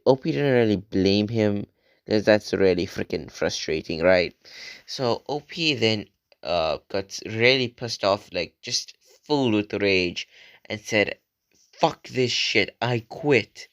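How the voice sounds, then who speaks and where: A young man retelling a story in a relaxed, casual way, often tagging sentences with "right?". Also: fairly low pitch, smooth, no room sound, lo-fi sound. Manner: relaxed, frequent "like" and "right?" tags. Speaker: channel host retelling an online post.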